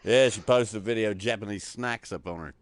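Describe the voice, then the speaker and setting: A man's voice: fairly low pitch, a little fast. A man streaming a game, joking and swearing freely in casual voice chat with friends over a headset.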